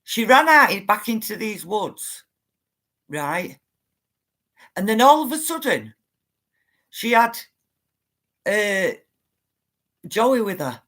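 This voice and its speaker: A woman's voice: medium pitch, very animated, slow pace, pauses often, a bit bright. Woman, middle-aged, insistent vlogger talking straight to her viewers. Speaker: spiritual livestreamer. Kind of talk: emotional storytelling to viewers.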